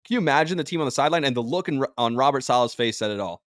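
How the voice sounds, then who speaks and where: A man hosting a sports podcast in an emotional, rambling way, jumping from thought to thought. He sounds drained. His voice sits at a middling pitch and is recorded dry and close, with no room sound. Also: animated, very fast, no room sound. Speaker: podcast host and sports radio personality.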